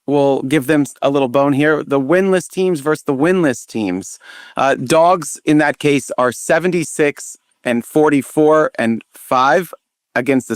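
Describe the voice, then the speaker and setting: Smooth, fairly high man reading odds. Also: dry recording, studio quality. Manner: matter-of-fact stat reading. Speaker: podcast co-host. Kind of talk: reading betting trends.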